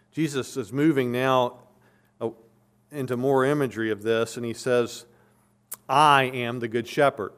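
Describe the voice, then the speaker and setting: A man's voice: mid-range voice, fairly even intonation, unhurried, a bit bright. A male pastor preaching an expository sermon, reading scripture aloud and explaining it verse by verse with earnest emphasis.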